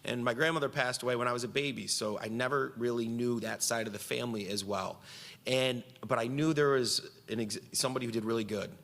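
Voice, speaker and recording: A man's voice: medium pitch, steady tone, brisk, gravelly, a bit bright, big-room sound. A man giving a conference speech from Central New York, telling a story and quoting himself and others with animation.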